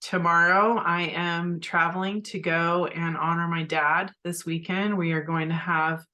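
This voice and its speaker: A woman's voice: on the low side, fairly even intonation, unhurried, bright, forceful tone. A middle-aged woman hosting a spiritual podcast, speaking in an earnest, heartfelt and reflective way. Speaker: podcast host.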